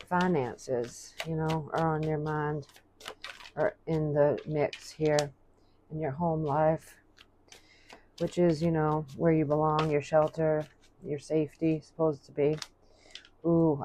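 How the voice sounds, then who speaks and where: Low-voiced woman reading tarot. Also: warm tone, slight background noise. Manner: chatty, thinks aloud, reads card messages slowly. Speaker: tarot reader.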